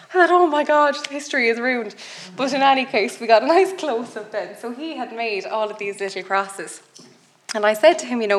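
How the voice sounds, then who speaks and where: A woman with an Irish accent giving a public lecture, telling stories lively and mimicking the people she met. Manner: lively storytelling, mimics islanders in high voices.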